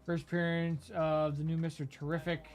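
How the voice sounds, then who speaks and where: A man's voice: on the high side, flat delivery, moderate pace. A man hosting a live card-break stream, rambling through a list of items with lots of fillers. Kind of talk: casual live-stream commentary.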